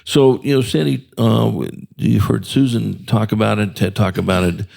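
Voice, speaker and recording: Rambling jovial male host with a deep gravelly voice. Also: fairly even intonation, normal speed, a little mellow. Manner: rambling, filler-heavy, jovial. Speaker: radio show host. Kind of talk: casual interview chat.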